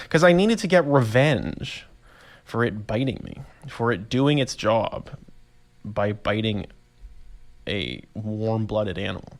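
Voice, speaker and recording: A young man, casually rambling through a solo podcast story, animated and self-amused. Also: lowish voice, slow pace, long pauses. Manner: rambling, animated storytelling with laughs and voiced reactions. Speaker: podcast host.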